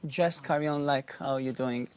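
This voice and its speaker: A man's voice: medium pitch, normal speed, smooth. A man who is a professional dance partner, giving short, playful, jokey answers in a TV interview. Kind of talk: TV interview chat.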